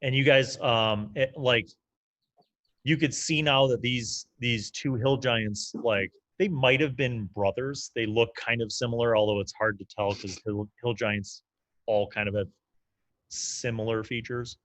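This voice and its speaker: A man's voice: medium pitch, steady tone, a little slow, a bit bright, no echo. Laid-back man running a tabletop game. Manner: casual, loose, lots of "like" fillers. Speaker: game master.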